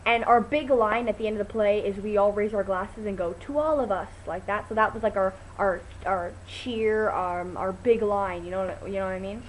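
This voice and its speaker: A woman's voice: moderate pace, hardly any pauses, slight background noise, rough recording. A teenage girl vlogging, telling a rambling story with lots of ums and restarts. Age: teens. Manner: chatty and rambling, many ums and restarts, bursts into excited high quoted voices. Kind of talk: casual storytelling vlog.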